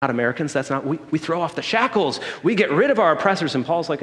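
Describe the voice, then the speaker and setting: A man preaches in a conversational way, telling a story and checking in with the congregation as he goes. His voice sits a little high for a man, and it rings out with a long church-hall reverb. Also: expressive, quick pace, fairly bright tone. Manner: conversational, checks in with the room by asking "okay?". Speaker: pastor. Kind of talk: sermon with personal story. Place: church sanctuary.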